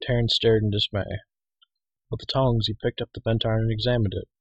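Low, husky male storybook reader. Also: level tone, a little fast, no echo, lo-fi sound. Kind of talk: audiobook reading.

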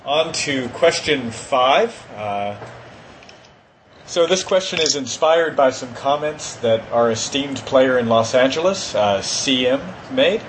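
A man moderating a panel discussion, relaxed and quick to laugh, using plenty of fillers. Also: mid-range voice, noisy background.

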